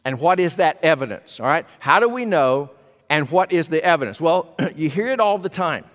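A man's voice: a little high, expressive, moderate pace, a bit bright. A man preaching a sermon to a congregation, emphatic and asking rhetorical questions. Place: church sanctuary. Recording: long hall reverb.

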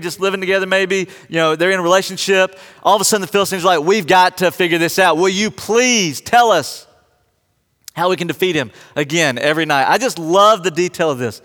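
A man preaching from the pulpit, high-pitched and animated as he retells an old story. He slips into little voices for each character and jokes with the congregation. His voice rings out with the long reverb of a large sanctuary. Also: fast talker. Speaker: pastor. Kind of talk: sermon.

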